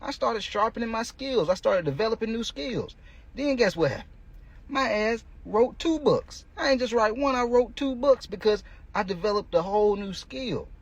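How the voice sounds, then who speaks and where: A man's voice: sits high, animated, brisk. A male coach hosting a podcast, giving a blunt, profane motivational monologue in casual street talk.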